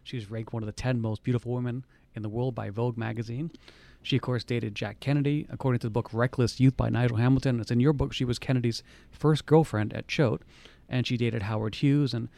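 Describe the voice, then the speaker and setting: A man's voice: mid-range voice, steady tone, gravelly, warm tone, no room sound. A man interviewing his mother, prompting her with details and questions. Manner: fast, prompting, fills in details.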